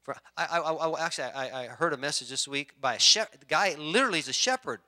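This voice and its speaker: Bright-voiced male pastor preaching. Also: on the high side, expressive, fast talker. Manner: conversational preaching with frequent restarts and throat clearing. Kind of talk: sermon.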